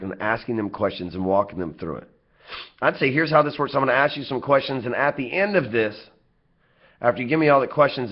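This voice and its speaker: A man with a Southern US accent giving a casual sales training talk, blunt and profane with joking asides. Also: medium pitch. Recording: slightly dull lo-fi audio.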